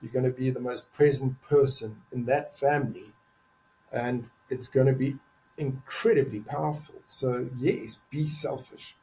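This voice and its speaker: Emphatic older man with a gravelly voice. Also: medium pitch, steady tone, a little slow, dark tone, poor audio. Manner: earnest, emphatic, repeats words for stress. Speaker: podcast guest, men's advocate. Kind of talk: candid conversational interview.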